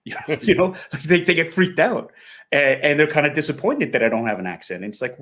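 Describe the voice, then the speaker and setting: A man's voice: mid-range voice, lively intonation, fairly quick, fairly bright tone. A middle-aged man with a Canadian accent, a guest actor talking earnestly and reflectively in a casual interview, laughing often.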